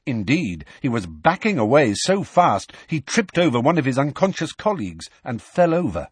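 A man reads a story aloud in a measured, expressive way, his voice husky with lively rises and falls. The recording is dry and close, with no room sound. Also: mid-range voice, no echo. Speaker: audiobook narrator. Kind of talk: scripted narration.

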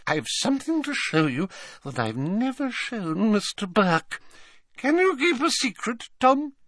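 A man's voice: very high voice, big pitch swings, unhurried, a bit bright, dry recording, studio quality, voice pushed up, exaggerated voice. Man putting on a simpering old rich lady. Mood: coy gushing. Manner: simpering, coy, gushing.

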